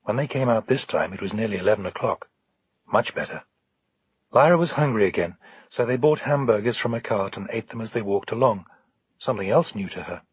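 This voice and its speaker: A man narrating an audiobook in a calm, measured storytelling manner. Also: on the low side, breathy edge, no echo.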